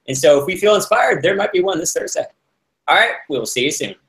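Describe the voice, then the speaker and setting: A man's voice: high voice, expressive, quick pace, a bit bright. A young adult man hosting a casual recap chat, laid-back and playful, often laughing as he talks. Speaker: show host and former houseguest. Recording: roomy echo.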